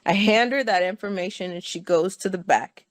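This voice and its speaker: A woman's voice: mid-range voice, moderate pace, no echo. Chatty woman telling a story, dry sound. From California. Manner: chatty, laughs often, checks in with listeners. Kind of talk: casual personal storytelling.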